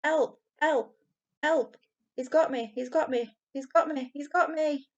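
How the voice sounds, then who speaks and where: A woman voicing a panicky young boy with a shrill, wailing voice. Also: fairly even intonation, extremely slow, a little mellow, lo-fi sound. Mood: terrified.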